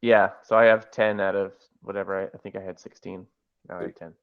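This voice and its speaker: A man playing a tabletop game, relaxed and easygoing. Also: deep voice, a little fast, smooth, muffled recording. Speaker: player.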